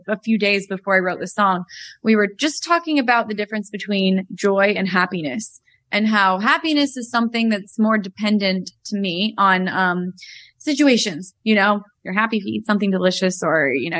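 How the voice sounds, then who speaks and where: A woman guest in an interview, talking in an earnest, heartfelt way with quick fillers. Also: medium pitch, fairly bright tone, no room sound. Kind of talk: conversational interview.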